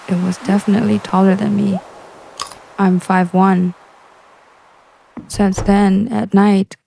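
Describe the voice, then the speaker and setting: A woman narrating stories in a calm, soft, even bedtime reading style. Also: on the low side, creaky, slight background noise. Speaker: story narrator.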